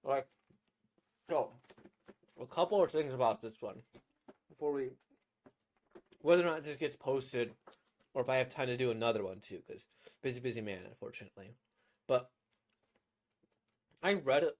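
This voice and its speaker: A man's voice: mid-range voice, normal speed, long pauses. A man chatting casually about a comic he has read aloud. He rambles, fills gaps with "like" and "um", and picks apart his own performance. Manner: rambling, self-critical, many fillers. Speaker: manga reader and reviewer. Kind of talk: casual reaction commentary.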